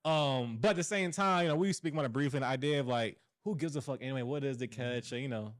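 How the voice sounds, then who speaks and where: A man co-hosting a podcast in casual chat. He tells lively stories and swears freely. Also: mid-range voice, fast talker. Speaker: podcast co-host.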